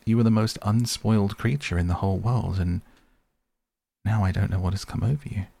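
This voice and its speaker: A man's voice: fairly low pitch, fairly even intonation, a little fast, creaky, warm tone, no room sound. A man reading the part of an earnest, grieving male painter in a sleep story, speaking in a pleading, reproachful way. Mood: pained, reproachful.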